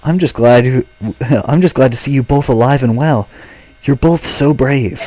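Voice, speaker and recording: A man's voice: medium pitch, normal speed, warm tone, dull audio, natural voice. A man voicing an earnest, protective young male mercenary hero, close to his own voice, over game music.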